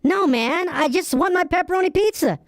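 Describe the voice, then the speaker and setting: A man's voice: very high-pitched, expressive, fairly quick, no room sound, clean studio sound. A performer voicing an impatient young man who is trying to order a pizza and gets more exasperated with each question. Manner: exasperated, keeps getting cut off. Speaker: customer.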